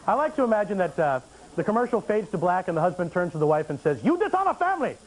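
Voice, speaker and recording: Guy doing standup on a tv stage, high voice all over the place, chatty with lots of uhs and dry little asides. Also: fast talker, poor audio. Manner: animated, deadpan asides, frequent uh fillers. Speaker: stand-up comedian. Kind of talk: stand-up comedy set. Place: TV studio stage before an audience.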